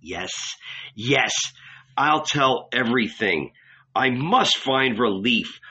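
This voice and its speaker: A man reading the lines of a middle-aged man who claims to be Jesus, confessing in a rushing, shouting outburst. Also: medium pitch, animated, breathy edge, muffled recording, full character voice. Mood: raging confession.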